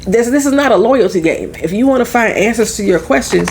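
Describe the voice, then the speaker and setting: A young adult woman from St. Louis, now living in Florida, with a Midwestern accent gone a bit country, talking loud and blunt in a casual tarot vlog, swearing freely. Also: a little high, lively intonation, a little fast, a little hiss or hum. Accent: Southern-tinged Midwestern American. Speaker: tarot reader.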